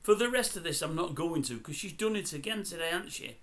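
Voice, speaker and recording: A man's voice: fairly high pitch, animated, fairly quick, a bit bright. An older man grumbling and mocking in a chatty celebrity commentary video. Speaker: YouTube commentator.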